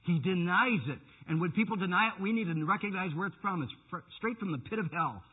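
Fiery preacher guy, husky voice, sounds like an old tinny radio broadcast. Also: sits high, lively intonation, long reverb tail. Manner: fiery, emphatic preaching with slow dramatic stresses. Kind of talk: radio sermon.

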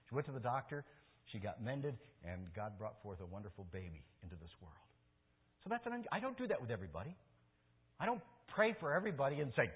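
A man's voice: mid-range voice, sing-song, fast talker, breathy edge. An older male pastor preaching a sermon, earnest and story-driven, rising into emphatic stresses. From Michigan, US. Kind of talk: sermon with personal stories. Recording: tinny sermon recording in a reverberant hall.

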